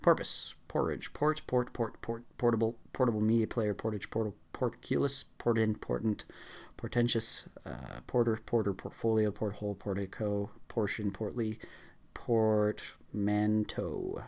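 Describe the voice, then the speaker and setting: A man reading a long list of words aloud as fast as he can, stumbling now and then with fillers and restarts. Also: fairly low pitch, creaky, a bit bright. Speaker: YouTuber. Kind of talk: rapid word-list reading.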